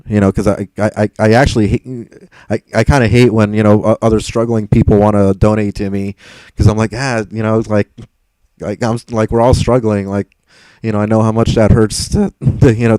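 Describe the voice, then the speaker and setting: A man's voice: lowish voice, warm tone, smooth, dry recording, poor audio. A young man live streaming and answering chat, frustrated and rambling, swearing and stumbling over repeated words.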